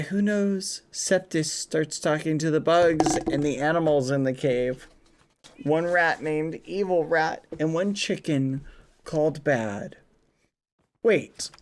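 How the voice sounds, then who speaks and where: A man streaming live, reading viewer stories aloud with frequent giggles and swapping swears for silly words. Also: fairly high pitch.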